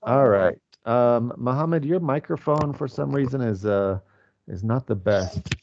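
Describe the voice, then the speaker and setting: A man's voice: mid-range voice, a little slow, creaky, a little mellow, dull audio. A man in his forties teaching an online English class, patient and explanatory with many fillers. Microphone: video call.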